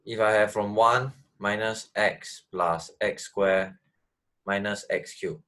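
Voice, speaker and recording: A man's voice: fairly low pitch, fairly even intonation, slow pace, fairly bright tone. A man tutoring math, explaining step by step, repeating phrases and checking that his student follows. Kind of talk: online tutoring lesson.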